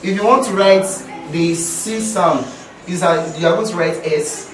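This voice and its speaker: A man with a Nigerian accent teaching pronunciation to a class, drilling sounds by repeating words loudly. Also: high-pitched, measured pace. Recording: echoey room from far off with music.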